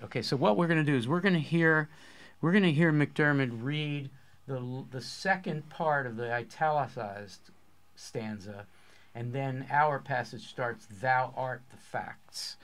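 A man's voice: medium pitch, unhurried, a bit bright. A man hosting a poetry course discussion, explaining ideas with eager enthusiasm in a casual academic way.

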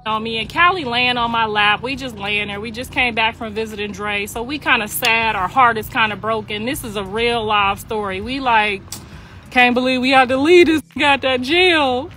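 A middle-aged mother telling a long family story in a casual, laughing way, slipping in quick acted-out voices. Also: on the high side, a little hiss or hum. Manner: animated, laughing, slangy, acts out voices.

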